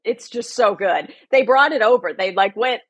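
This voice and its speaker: A woman's voice: on the high side, moderate pace, husky, dry recording. A woman co-hosting a podcast in casual chat, effusive and chatty, often restarting her sentences. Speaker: podcast co-host.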